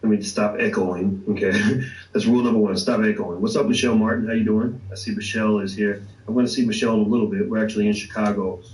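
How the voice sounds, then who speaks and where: Low-voiced man, echoey and distant. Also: quick pace. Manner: animated, profane, many fillers and restarts. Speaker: host of an online show. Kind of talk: casual livestream commentary. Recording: echoey room, distant mic.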